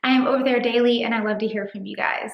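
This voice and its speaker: A woman's voice: a little high, fairly even intonation, fast talker, gravelly, dull audio. Earnest woman vlogger, echoey room. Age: 30s. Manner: earnest, encouraging, gently preachy. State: slightly out of breath. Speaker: faith-based dating vlogger. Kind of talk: casual to-camera vlog talk.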